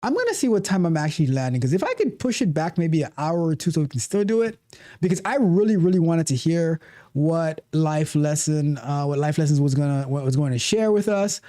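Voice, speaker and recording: Mellow-voiced man chatting on a livestream. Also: fairly high pitch, brisk. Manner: animated, repeats and restarts phrases. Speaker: livestream host, coding coach. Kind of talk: casual livestream chat, reading viewer comments.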